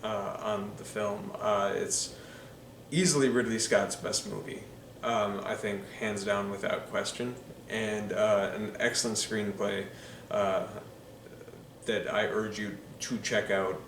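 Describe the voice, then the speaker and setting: A man with a fairly low voice gives casual, enthusiastic film commentary, pausing often on ums and uhs. He sits a little back from the mic in an echoey room, with a faint hiss underneath. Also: steady tone, fairly bright tone, far from the mic. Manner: enthusiastic, filler-heavy with frequent ums and uhs. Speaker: film reviewer. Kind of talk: casual spoken movie commentary.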